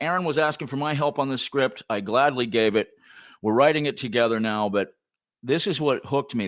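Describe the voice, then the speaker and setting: A man hosting a podcast who runs the talk and reads script narration aloud, with frequent stammering restarts. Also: mid-range voice. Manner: lively, directs the conversation, stammers on restarts. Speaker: podcast host. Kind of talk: casual podcast chat, reading script narration.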